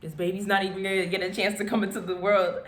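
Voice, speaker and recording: A young woman in her twenties tells a story for her vlog, talking casually and dramatically. Her voice is animated and playful, and she often breaks into laughter. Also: medium pitch, fast talker, echoey room. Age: 20s. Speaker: vlogger.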